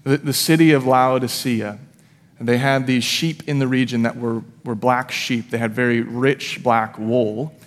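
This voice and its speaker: A man's voice: mid-range voice, steady tone, unhurried. A man in his thirties, a pastor preaching a sermon in a church, telling a personal story in a conversational way with self-deprecating asides. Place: church sanctuary. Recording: long hall reverb.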